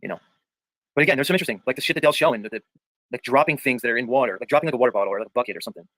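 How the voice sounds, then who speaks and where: A man's voice: medium pitch, animated, racing, sharp tone, no room sound, rough recording. A man hosting a livestream panel talks at a breakneck clip in a dry, close sound. He argues emphatically, keeps circling back to the same point, and drops "dude" and "bro" into nearly every thought as he reads viewer comments aloud. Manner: argumentative, repeats points for emphasis.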